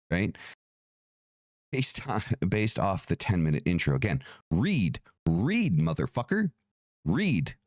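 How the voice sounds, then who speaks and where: Cranky guy ranting on his stream, swears a lot, lowish voice jumping all over, super dry mic. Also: a little mellow, dry recording. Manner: profane, irritated, rambling with many restarts. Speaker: occult livestream host. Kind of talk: casual livestream rant.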